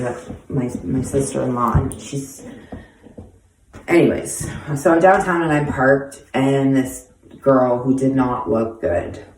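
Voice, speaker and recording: A woman in her forties with a very deep, slightly mellow voice answers viewer questions in a casual storytelling monologue, bluntly recounting her own life while swearing constantly and using street slang. She sits well back from the mic, so she sounds distant in an echoey room with a little hiss or hum.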